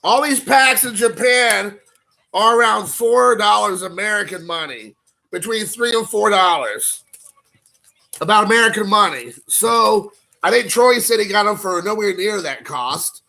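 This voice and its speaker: A man with a high, bright voice and a gravelly fry at the edges. He talks casually and excitably, rambling and cracking jokes as he opens packs for his viewers. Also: unhurried. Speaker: card collecting vlogger. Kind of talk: casual unboxing chat.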